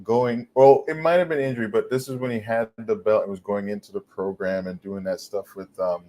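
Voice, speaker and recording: A man's voice: fairly low pitch, fairly even intonation, brisk, warm tone, poor audio. A man co-hosting a stream, rambling casually about wrestling storylines over a glitching mic. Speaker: co-host of a wrestling watch-along stream. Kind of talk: casual chat. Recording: mic glitching, faint noise.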